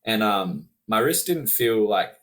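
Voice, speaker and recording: A man's voice: lowish voice, very animated. A man from Australia, a freestyle motocross rider, chatting casually as a podcast guest in a laid-back way, full of fillers. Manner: laid-back, drawn-out, filler-heavy talk. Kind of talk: casual chat.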